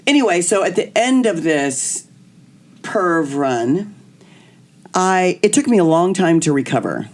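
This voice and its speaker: A middle-aged woman hosting a podcast, telling candid personal stories in an animated way and acting out the voices of people she quotes. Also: lowish voice, measured pace. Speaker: podcast host. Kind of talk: candid storytelling chat.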